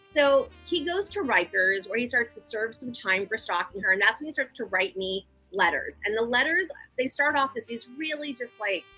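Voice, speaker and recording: A woman guest and victim advocate, telling her story in a frank, animated, conversational interview. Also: fairly high pitch, normal speed, few pauses, slightly rough, soft background music, low-quality recording.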